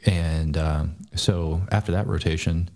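A man's voice: rumbling low, fairly even intonation, warm tone. A man, a former soldier and podcast guest, telling a story in a blunt, profane, casual way. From United States. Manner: blunt, profane, fast-talking.

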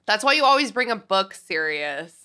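A woman's voice: medium pitch, big pitch swings, normal speed, sharp tone. A woman co-hosting a podcast, talking casually with a wry, blunt manner and frequent laughter. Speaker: podcast co-host. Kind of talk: casual chat.

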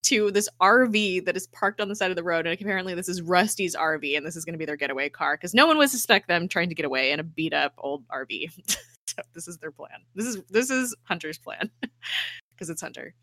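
A woman's voice: lowish voice, a little fast, dry recording, studio quality. A woman co-hosting a podcast, animatedly retelling a TV episode in casual chat, full of fillers like "um" and "like". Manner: animated storytelling with many fillers. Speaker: podcast co-host.

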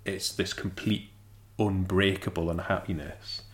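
A young man in a casual book chat, retelling scenes with animated storytelling and acted-out quotes. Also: deep voice, measured pace.

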